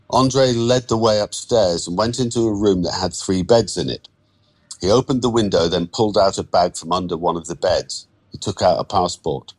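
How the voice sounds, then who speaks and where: A man giving a measured, even storybook narration. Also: sits low.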